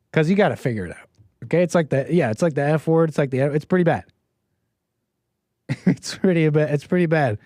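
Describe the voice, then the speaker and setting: Man, livestream ramble, fairly high voice, dry close sound, meandering talk. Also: a little fast, long pauses, mellow, no room sound. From Canada. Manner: meandering, repeats words and restarts.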